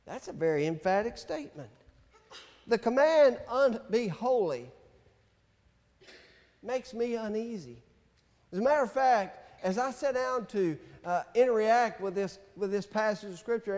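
A male pastor preaching a sermon in a church, slow and emphatic, reading scripture aloud. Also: high-pitched, animated, a little mellow, in a large hall. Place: church sanctuary.

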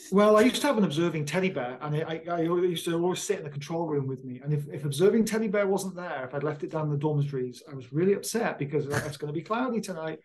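An enthusiastic middle-aged man talks casually about astronomy in a fairly high voice. He explains things eagerly and sounds genuinely amazed. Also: expressive, fast, few pauses, darkish tone, rough recording. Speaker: astronomer and former program manager. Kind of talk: casual conversation.

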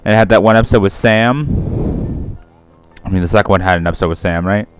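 A young man provides let's-play commentary in a smooth, fairly low voice, speaking briskly over faint background music in a dry recording. He's casual and rambling, swears freely, and corrects himself mid-sentence.

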